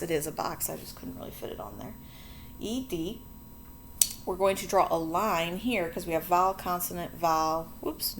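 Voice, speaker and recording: A woman's voice: fairly low pitch, a little hiss or hum. A woman teaching a phonics lesson to children, explaining board work patiently and chattily, correcting herself as she goes.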